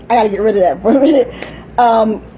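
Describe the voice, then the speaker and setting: A woman's voice: on the high side, brisk, warm tone, a little hiss or hum, poor audio. An older woman talking in a rambling, chatty monologue, often laughing and acting out little voices. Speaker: vlogger.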